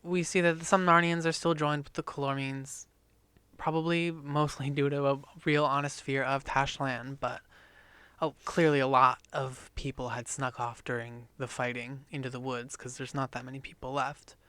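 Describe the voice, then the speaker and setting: An excitable man co-hosting a casual podcast and recapping a book, swearing freely as he goes. His voice is bright and smooth, and the recording is dry and close. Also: medium pitch, normal speed, no room sound. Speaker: podcast co-host.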